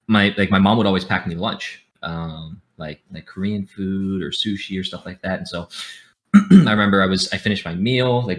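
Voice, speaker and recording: A young man chats on a podcast in a low register with a bright, forward tone. He laughs often and slips into quoted voices of friends as he tells his stories. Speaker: podcast host. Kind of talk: casual podcast chat.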